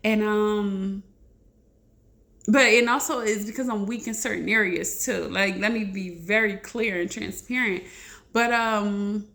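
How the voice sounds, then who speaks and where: A woman's voice: mid-range voice, steady tone, measured pace, a bit bright. A woman, sharing a heartfelt personal testimony in a rambling, casual vlog chat to her viewers. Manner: emotional, rambling, talks straight to viewers.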